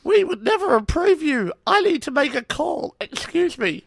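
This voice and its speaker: A woman's voice: sits high, sing-song, normal speed, gravelly, slight background noise, exaggerated voice. A woman voicing a snooty, prim president of a residents' association in a comedy script read-through. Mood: haughty. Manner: prim, haughty.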